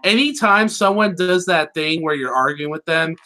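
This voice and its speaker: A man's voice: a little high, moderate pace, sharp tone. A man chatting casually as co-host, joking with slang and meme references. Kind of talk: casual review chat.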